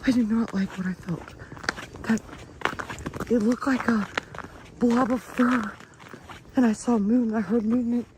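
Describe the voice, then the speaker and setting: A woman's voice: fairly high pitch, steady tone, measured pace, long pauses, background noise. A woman filming herself in snowy woods at night on a handheld phone, frightened and often whispering. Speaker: live streamer. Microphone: handheld phone camera.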